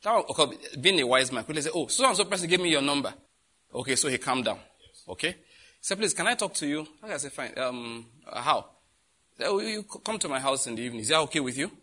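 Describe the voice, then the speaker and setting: A middle-aged Nigerian man preaching, telling a lively story and acting out the voices of the people in it, laughing often. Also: on the high side, fast. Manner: animated, acts out voices in anecdotes, laughs often. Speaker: pastor. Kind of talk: storytelling sermon.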